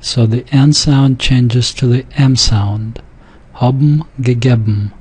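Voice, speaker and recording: Slow, methodical male language teacher. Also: mid-range voice, fairly even intonation, husky. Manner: slow, methodical, repeats each example sentence. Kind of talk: pronunciation lesson.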